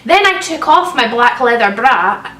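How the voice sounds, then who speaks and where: Gal reading dumb fanfic out loud, high bouncy voice, bit far from mic in a roomy space. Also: female voice, animated, a little slow. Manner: sarcastic, swears, bursts into laughter. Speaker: comedian reading fanfiction aloud. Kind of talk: comic dramatic reading with mocking asides. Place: room at home. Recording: roomy sound, slightly distant mic.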